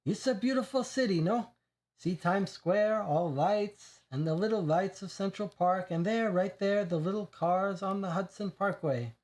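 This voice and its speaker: A man putting on a shrill, scared Italian-accented immigrant. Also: unhurried, darkish tone. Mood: proud. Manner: broken English, pleading then shrill. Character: nervous defensive Italian immigrant model-maker man.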